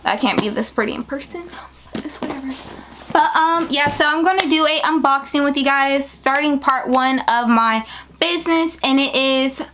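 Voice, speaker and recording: A young woman filming a casual unboxing vlog on her phone at home, gushing and excitable, jumping into high squeals. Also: moderate pace, a little hiss or hum. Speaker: beauty vlogger starting a business. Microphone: phone camera.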